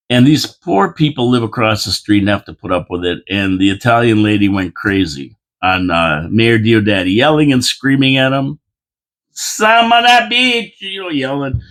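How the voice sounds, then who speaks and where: A man hosting a casual local politics show, rambling and chatty, repeating phrases and reading out viewer comments with mock-indignant asides. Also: mid-range voice.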